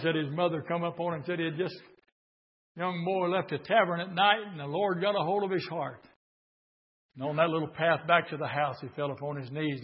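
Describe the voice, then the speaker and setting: Male revival preacher. Pitched high, swings from hushed pleading to full shouts. Dull, lo-fi recording. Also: husky. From southern Indiana, USA. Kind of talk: revival sermon.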